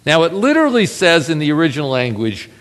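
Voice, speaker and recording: A man preaching a sermon, telling a scripture story with lively rhetorical questions to the congregation. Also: on the high side, fast talker, in a large hall.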